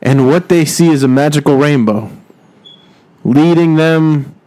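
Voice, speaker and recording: A man's voice: fairly high pitch, unhurried, warm tone, low-quality recording. A young man improvising a rambling, profane comedy story and laughing along as he tells it.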